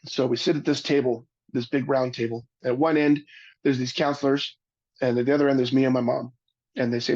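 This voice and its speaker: A man giving a webinar talk, telling a personal story in an earnest, halting way, often restarting his sentences. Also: medium pitch, level tone, darkish tone, breathy edge, dull audio. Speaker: webinar speaker.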